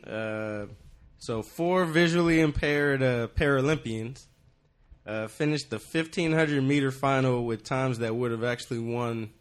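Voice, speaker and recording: A man's voice: mid-range voice, unhurried. Easygoing male co-host, casual swearing. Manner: casual, hesitant with fillers, swears freely. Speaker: podcast co-host. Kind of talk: casual chat.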